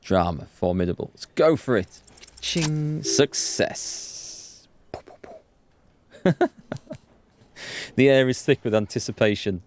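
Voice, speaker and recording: A man's voice: fairly low pitch, lively intonation, moderate pace, long pauses, a little mellow, a little hiss or hum. Man casually narrating a game. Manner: reads game text aloud, chuckles often. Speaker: let's play host. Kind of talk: casual gameplay commentary.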